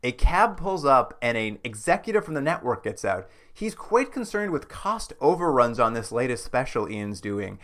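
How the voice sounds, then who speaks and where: A man's voice: mid-range voice, very animated, normal speed, hardly any pauses, fairly bright tone. A man co-hosting a podcast, recapping a TV show in casual chat with wry jokes and frequent laughs. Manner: wry, joking asides, laughs often. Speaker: podcast co-host.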